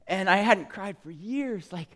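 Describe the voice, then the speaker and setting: A man preaching a testimony with passion, swinging between yelling and soft, tearful speech. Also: sits high, animated, unhurried, long reverb tail. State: crying. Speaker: guest preacher. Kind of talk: sermon testimony.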